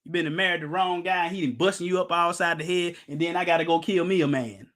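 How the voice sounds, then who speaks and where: High-voiced emphatic male preacher. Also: steady tone, fast, fairly bright tone. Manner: emphatic, rhetorical questions, jokes with the audience. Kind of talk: informal Bible-teaching sermon.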